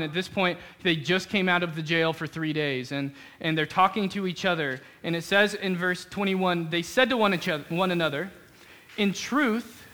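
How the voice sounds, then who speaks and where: Bright-voiced man preaching, drawl. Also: sits high. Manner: conversational preaching, quick asides and acted-out quotes. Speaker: pastor. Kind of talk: sermon. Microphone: switches to a handheld mic partway.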